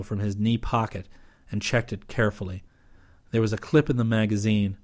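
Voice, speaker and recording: A man narrates an audiobook in a steady, even storyteller's delivery. His voice sits on the low side, calm and measured from line to line.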